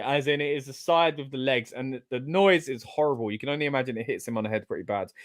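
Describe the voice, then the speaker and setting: Casting: English male co-host, fairly high voice, chatty, bursts of excitement. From England. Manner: excitable, chatty, loud exclamations. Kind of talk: casual watch-along commentary.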